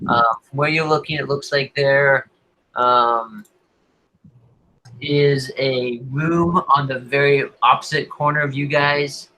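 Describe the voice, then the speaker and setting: A man's voice: medium pitch, fairly even intonation, slow pace, bright, forceful tone, a little hiss or hum, poor audio. A young man narrating as game master on a video call, hesitant and full of ums as he describes the scene.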